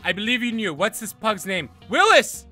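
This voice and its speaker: A man playing video games and chatting casually, telling silly stories in goofy broken English with loud excited outbursts. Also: sits high, a little fast, faint music behind. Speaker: gamer. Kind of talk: casual let's-play banter.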